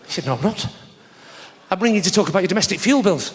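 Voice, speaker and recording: A man doing live stand-up comedy, telling a sarcastic story in an animated way with shouted punchlines. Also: high-pitched, fast. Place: large theatre stage with audience. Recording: live hall recording with reverb and crowd noise.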